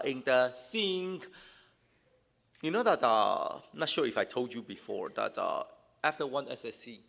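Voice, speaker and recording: A man's voice: mid-range voice, fairly bright tone. A man preaching a sermon as a pastor, talking conversationally with many fillers and restarts. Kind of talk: sermon to young people. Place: church hall. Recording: long reverb in a hall.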